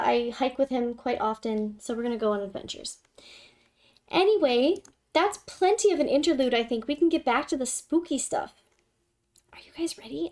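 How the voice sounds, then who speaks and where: A young woman hosts a casual livestream in a fairly high, slightly mellow voice. She's giggly, gushes over her cat and swears casually as she chats.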